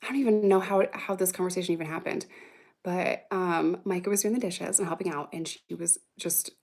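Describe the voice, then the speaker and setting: A woman's voice: lowish voice, fairly even intonation, brisk, a little mellow. A woman in her thirties chatting casually on a livestream, reacting aloud to viewer comments in a rambling, profane way and laughing often. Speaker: vlogger answering viewer comments.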